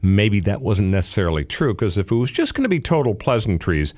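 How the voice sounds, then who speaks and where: A man's voice: on the low side, sing-song, fairly quick, a little mellow. A man hosting a talk radio show, chatting in a rambling, wry way. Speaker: radio host.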